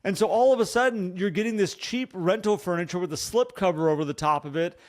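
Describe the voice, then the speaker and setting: Earnest, animated male real estate coach. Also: high-pitched, fast. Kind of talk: casual podcast chat.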